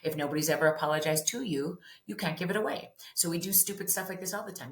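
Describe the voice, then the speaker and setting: A woman guest author in an animated interview, acting out parent and child voices as she explains. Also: lowish voice, fast, hardly any pauses. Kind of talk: animated interview talk with acted-out dialogue. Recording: echoey room.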